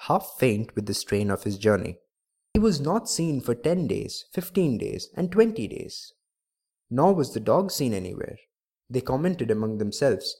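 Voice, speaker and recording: Male storyteller reading a tale aloud. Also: mid-range voice. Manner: measured, expressive reading.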